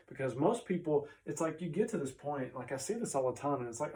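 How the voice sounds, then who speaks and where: A man's voice: a little high, animated, quick pace, few pauses, a little mellow. Male chiropractor, easygoing explainer tone, voice recorded somewhat far from the mic. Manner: conversational, often tags on "right?". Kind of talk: casual explainer talk.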